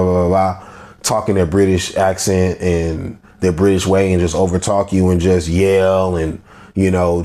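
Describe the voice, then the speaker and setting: A man's voice: deep voice, darkish tone. A man from Texas with a country accent, hosting a solo podcast and talking candidly and bluntly in a loose, conversational way. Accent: Texan country. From Texas, USA. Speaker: podcast host.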